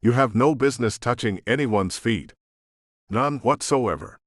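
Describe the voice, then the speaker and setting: A man's voice: medium pitch, a little slow, no room sound, studio quality, natural voice. A man voicing an entitled woman who shrieks and berates a worker in an audiobook. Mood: indignant. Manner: shrieking, haughty. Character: shrill entitled woman throwing a tantrum. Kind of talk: audiobook narration.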